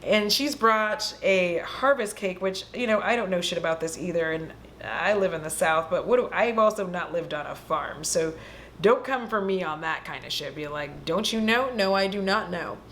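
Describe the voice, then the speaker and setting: A woman hosting a casual vlog, retelling a film in an animated, profane storytelling way. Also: on the low side, normal speed, a little hiss or hum. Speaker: host. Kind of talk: casual movie recap vlog.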